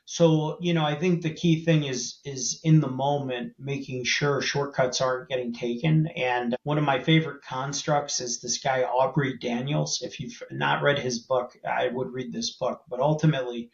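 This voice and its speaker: A man speaking as an interview guest, telling stories in a lively, casual way and acting out the voices he quotes. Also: medium pitch, moderate pace, vocal fry, hardly any pauses. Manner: animated storyteller, acts out quoted voices. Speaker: CEO guest. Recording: roomy, slightly dull podcast audio.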